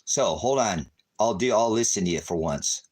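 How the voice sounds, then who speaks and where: A man ranting at his viewers on a livestream, cursing and taunting them, swinging between shouting and low muttering. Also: animated, normal speed, slightly rough. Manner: angry, cursing, taunting, repeating insults. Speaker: ministry livestreamer. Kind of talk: profane livestream rant at viewers.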